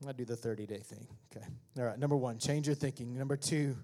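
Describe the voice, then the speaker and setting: A male pastor preaching a sermon, joking with the congregation and then building to shouted exhortations. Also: medium pitch, fast. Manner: swings from conversational asides to shouted preaching; jokey, laughs at own remarks.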